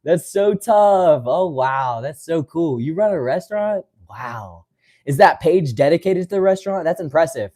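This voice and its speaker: Young livestream host from West Virginia, slightly high voice, easygoing, keeps calling viewers brother. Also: male voice, animated, moderate pace, warm tone. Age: 20s. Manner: friendly, calls viewers brother, laughs often. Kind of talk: casual livestream chat reading comments.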